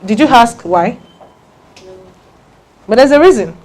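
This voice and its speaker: A woman giving a lively branding talk to an audience, repeating her key points with emphasis. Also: on the high side, a little slow.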